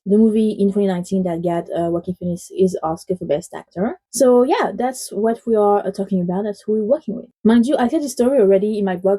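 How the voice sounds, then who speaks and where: Very mellow-voiced French woman. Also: medium pitch, rough recording. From France. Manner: chatty and rambling, many "like" fillers. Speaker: film review YouTuber. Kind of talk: casual spoken film review.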